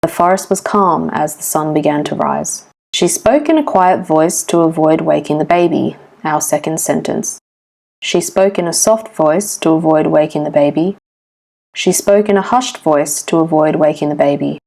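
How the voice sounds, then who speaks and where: A woman teaching an English vocabulary lesson from a script, with clear, measured explanatory reading. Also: low-pitched, darkish tone.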